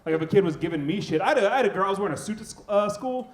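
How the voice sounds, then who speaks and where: A man's voice: high voice, expressive, racing. A man who taught school, telling a self-mocking story on a live comedy panel. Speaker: teacher turned comedian. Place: live venue. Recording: roomy live venue sound.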